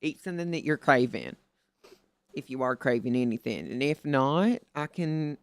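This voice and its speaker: A man's voice: medium pitch, lively intonation, normal speed, clear, resonant tone, no echo. A man streaming and chatting casually, rambling and swearing as he gives friendly advice in a playful put-on Southern drawl. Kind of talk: casual chat.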